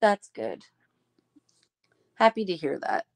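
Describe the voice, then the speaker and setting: A woman's voice: fairly low pitch, very animated, takes it slowly, creaky. A woman hosting a casual live stream, chatting affectionately with friends and laughing often.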